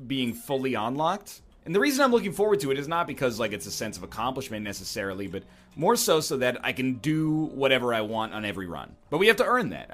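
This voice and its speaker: A man narrates his video game session in a rambling, joking way, dropping plenty of wry asides. He speaks at a medium pitch with a fairly bright tone.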